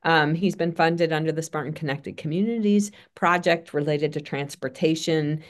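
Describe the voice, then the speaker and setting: A woman moderates an online session and introduces the guest speaker. Her voice sits very low for a woman. She talks in halting, hesitant phrases. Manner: halting, filler-heavy phrasing.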